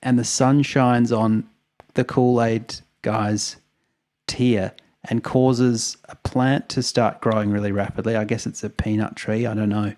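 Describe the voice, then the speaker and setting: A man's voice: on the low side, level tone, measured pace, a little mellow. A man, co-hosting a podcast, retelling events in a rambling, wry way with chuckles. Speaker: podcast co-host. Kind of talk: casual storytelling chat.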